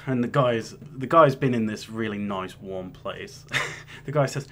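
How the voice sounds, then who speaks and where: A man's voice: fairly low pitch, a little slow, a bit bright. Rambling young man, swearing. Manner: rambling, profane, with many restarts. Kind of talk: casual storytelling. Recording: faint hum behind.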